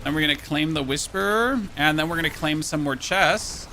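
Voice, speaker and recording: A man's voice: on the high side, moderate pace, bright, forceful tone, slight background noise. A man from Germany chatting casually while streaming a game, rambling and often repeating words as he thanks subscribers. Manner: reads out and thanks chat subscribers. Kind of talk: casual live-stream chat while gaming.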